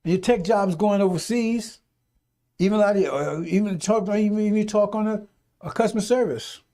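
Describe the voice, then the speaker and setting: Fiery, preachy man with high, dark voice. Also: normal speed. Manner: fiery, preachy, swears, mimics voices in asides. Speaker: radio talk host. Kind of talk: rambling radio monologue.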